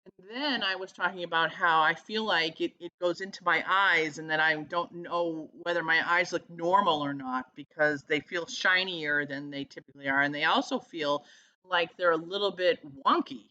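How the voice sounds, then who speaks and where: Bright-voiced woman vlogging earnestly. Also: on the low side. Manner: earnest, halting, searching for words. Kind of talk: casual spiritual vlog. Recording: slightly dull lo-fi sound.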